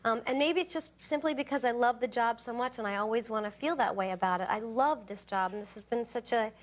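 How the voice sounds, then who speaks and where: A woman's voice: a little high, a little fast. A woman guest on a late-night talk show, giggly and hesitant, with many fillers and restarts. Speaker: actress guest. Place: television studio. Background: studio audience laughter.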